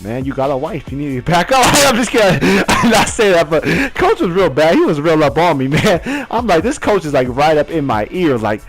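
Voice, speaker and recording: Animated young man telling a story. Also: a little high, moderate pace, few pauses, faint music behind. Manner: animated, laughing, acts out voices and chants. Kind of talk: casual storytime vlog.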